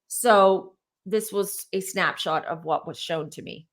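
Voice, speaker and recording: A woman in her thirties with a mid-pitched voice, giving a tarot reading in casual conversation. She speaks earnestly and meanders, circling back to repeat phrases as she goes. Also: unhurried. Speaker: tarot reader and clairvoyant host. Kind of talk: casual spiritual reading chat.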